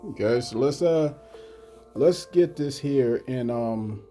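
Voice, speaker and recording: Halting mellow-voiced man preaching. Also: medium pitch, soft background music. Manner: halting, repeats "you know what I'm saying". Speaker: religious commentator. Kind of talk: scripture commentary vlog.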